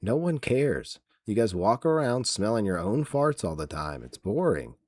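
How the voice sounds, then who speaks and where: A man's voice: lowish voice, big pitch swings, a little slow, darkish tone, no echo. A man hosting a wrestling podcast, ranting sarcastically in casual chat with many fillers. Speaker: podcast host.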